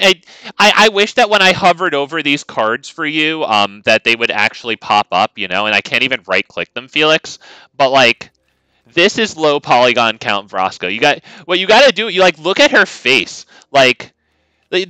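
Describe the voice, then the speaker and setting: A man streaming a card game who talks in loose, rambling commentary and swears freely as he goes. His voice is bright and clean, and his pitch rises and falls a lot. The close mic gives a dry, intimate sound. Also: sing-song, normal speed, clear, resonant tone, no room sound. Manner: rambling and profane, frequent restarts. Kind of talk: casual gameplay commentary.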